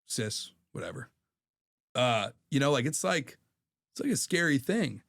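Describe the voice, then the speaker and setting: A man's voice: a little high, lively intonation, normal speed, a bit bright. A man in his thirties, a podcast guest telling stories in a candid, profane way. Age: 30s. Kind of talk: casual chat.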